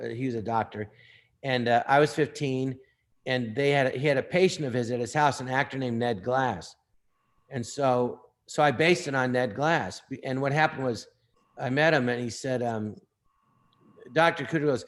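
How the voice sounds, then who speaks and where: An actor and comedian with a mid-range voice tells anecdotes in a casual interview. He's lively and quickly slips into impressions of the people he quotes.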